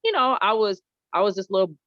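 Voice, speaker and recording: A woman in her forties from Gary, Indiana, with a slight Southern twang, telling animated stories as a podcast guest. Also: medium pitch, fast, no echo. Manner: animated, expressive storyteller. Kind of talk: casual conversational storytelling. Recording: dull lo-fi recording.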